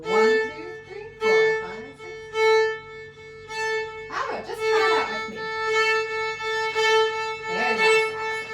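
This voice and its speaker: A woman teaching a fiddle lesson, patiently encouraging and counting beats aloud, with fiddle playing behind her. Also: mid-range voice. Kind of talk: one-on-one music lesson. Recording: echoey room, mic at a distance.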